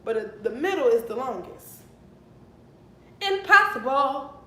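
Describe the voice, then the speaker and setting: A woman in her twenties telling a casual storytime vlog, animated and outraged, cursing as she talks. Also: medium pitch, unhurried. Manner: animated, outraged storytelling with swearing and acted quotes. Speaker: vlogger. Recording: echoey room with faint noise.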